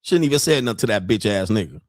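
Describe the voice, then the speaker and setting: A man's voice: fairly low pitch, big pitch swings, fast, no echo, clean studio sound. A man hosting a podcast who talks in loose, profane, comedic commentary, laughs often and acts out street exchanges. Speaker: podcast host.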